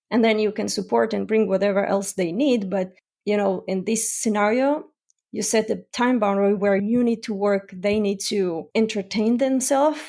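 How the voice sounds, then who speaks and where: Woman, parent coach, podcast host, calm explanatory tone, slight vocal fry, mid pitch. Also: normal speed. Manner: calm, explanatory, gives examples. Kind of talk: solo advice podcast.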